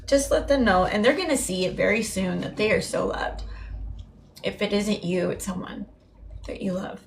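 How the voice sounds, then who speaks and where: A woman's voice: medium pitch, expressive, normal speed, vocal fry, a little hiss or hum. Meandering woman doing a tarot reading. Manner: meandering, repetitive, heartfelt. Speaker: tarot reader.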